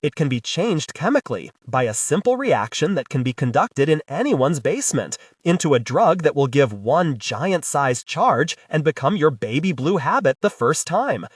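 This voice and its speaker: A man's voice: on the high side, big pitch swings, normal speed, few pauses, slightly rough, no echo, distant mic. Blunt all-business space boss, guy reading him, dry close sound. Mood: briefing. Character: gruff male space agency boss.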